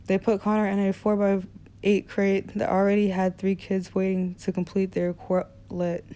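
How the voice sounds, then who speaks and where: A woman narrating an audiobook in a relaxed reading style, with small slips and restarts. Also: medium pitch, a little slow, slight background noise. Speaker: audiobook reader.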